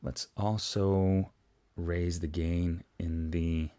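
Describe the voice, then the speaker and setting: A very low-voiced man talks through a casual microphone lesson. He chats as he explains, stepping toward and away from the studio mic, so his voice sits in a small room full of reflections. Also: little pitch movement, extremely slow, mellow. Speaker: voice-over artist teaching about microphones. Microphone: studio microphones tested at changing distances.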